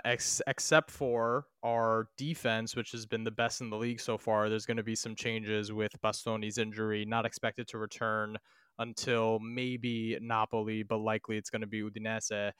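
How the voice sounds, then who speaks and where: A man's voice: medium pitch, level tone, moderate pace, a bit bright, smooth, dry recording, clean studio sound. A man hosting a casual podcast chat, asking his guests questions and chiming in briefly. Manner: asks questions, brief interjections.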